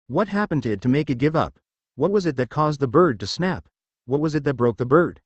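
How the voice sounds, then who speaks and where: A man's voice: fairly high pitch, lively intonation, fairly quick, no echo, highs cut off. A man voicing a smug, scheming young male ninja in a taunting, mock-friendly way, read from a fan story.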